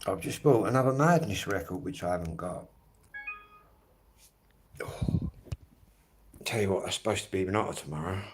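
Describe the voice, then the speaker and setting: A middle-aged man from Kent, England hosts a livestream with a deep voice and lively intonation, speaking at normal speed and pausing often. He rambles casually to viewers with plenty of fillers. There's a little hiss or hum in the recording.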